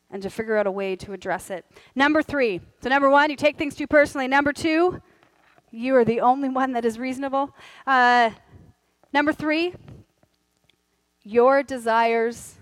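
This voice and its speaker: A middle-aged woman preaching a sermon from a church stage, candid and humorous, with quieter earnest stretches. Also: fairly high pitch, no room sound, rough recording. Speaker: pastor.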